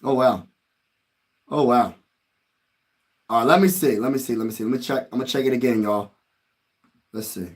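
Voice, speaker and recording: A man hosting a casual live stream, reacting excitably and talking straight to his chat in slangy speech, moving from low muttering to loud shouts. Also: normal speed, pauses often. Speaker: livestream host.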